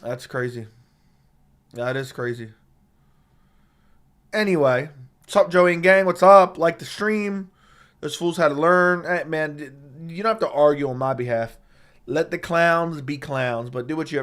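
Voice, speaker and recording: A slightly high, somewhat bright male voice moves at a moderate pace and pauses often. Suffering a sore throat, he reads comments during a casual live stream and trades blunt, profane trash talk with chat via a studio dynamic mic.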